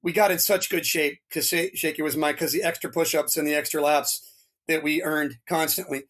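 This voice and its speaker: A man's voice: on the high side, brisk. A man in his fifties telling stories in a casual, rambling way, with many fillers, and acting out the people he quotes. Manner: rambling, filler-heavy, animated when quoting others. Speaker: interview guest, retired fire lieutenant. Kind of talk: casual storytelling.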